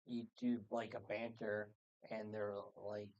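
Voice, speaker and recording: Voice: mid-range voice, level tone, slow pace, darkish tone. Easygoing, joking tabletop player, mid-range voice, lo-fi muffled mic. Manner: laid-back and joking. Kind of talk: casual tabletop game chat. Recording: dull lo-fi sound.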